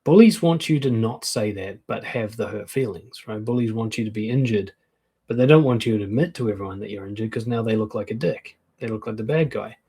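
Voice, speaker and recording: A man's voice: on the low side, brisk, mellow, slightly rough. A man, a dating and confidence coach, giving frank, conversational advice and acting out quoted comebacks. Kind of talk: casual advice talk to camera.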